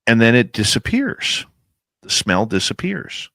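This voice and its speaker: A man telling a suspenseful outdoor experience as a guest on a podcast, animated and pausing to build suspense. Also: mid-range voice, gravelly, no echo. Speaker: guest, paranormal researcher and radio host. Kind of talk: casual storytelling in a podcast interview.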